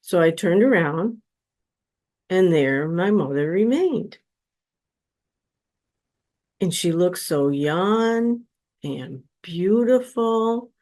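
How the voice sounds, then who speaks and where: Woman, podcast guest, lowish voice, unhurried, earnest personal storytelling. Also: a little mellow. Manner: slow, earnest, heartfelt storytelling.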